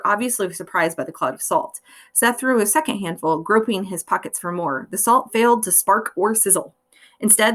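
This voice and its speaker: A woman reading a fantasy novel aloud, telling it expressively with frequent lifts in her voice. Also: mid-range voice. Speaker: reader.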